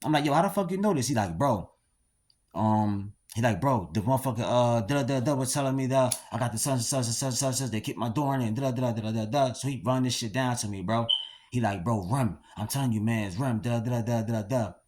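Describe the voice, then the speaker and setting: A man's voice: medium pitch, brisk, darkish tone. A young man telling a story casually, slangy and profane, rambling with lots of fillers. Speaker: storyteller recounting his past.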